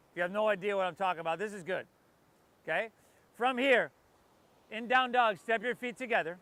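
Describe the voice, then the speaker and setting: Bright, high-voiced playful yoga teacher man. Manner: playful, joking asides between breath cues. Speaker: yoga instructor. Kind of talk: guided yoga class. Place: outdoors by the ocean.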